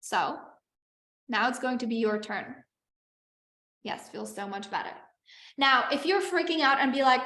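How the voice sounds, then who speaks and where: A woman's voice: on the high side, unhurried, pauses often, pushed and bright, echoey room. A woman business coach teaching a live online masterclass over a video call. She talks in a chatty, encouraging way, often checking in with "okay?".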